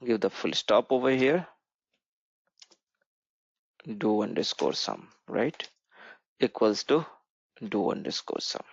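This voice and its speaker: A husky, lowish male voice with vocal fry and big pitch swings moves a little slowly through a screen-share coding tutorial. He explains the code and keeps checking in with "right?", captured with no echo on a dull lo-fi mic.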